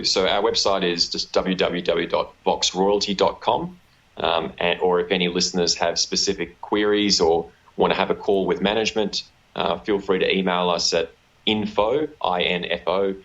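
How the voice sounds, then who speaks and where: Australian male exec, very low register, halting delivery, dull lo-fi audio. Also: fairly even intonation, a bit bright. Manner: halting, repeats words, many ums. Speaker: company executive guest. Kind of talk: business interview.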